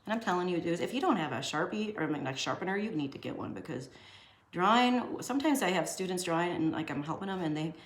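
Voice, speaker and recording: A woman's voice: on the low side, expressive, fast talker. Chatty art teacher woman, echoey room. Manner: chatty, jokey, talks to herself while drawing. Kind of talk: casual drawing lesson.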